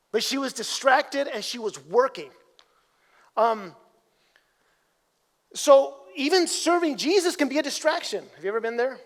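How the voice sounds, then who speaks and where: A man's voice: extremely high pitch, fairly bright tone. A man preaching a sermon as pastor in a church, speaking conversationally, repeating his words and building to emphatic peaks. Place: church sanctuary. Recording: long hall reverb.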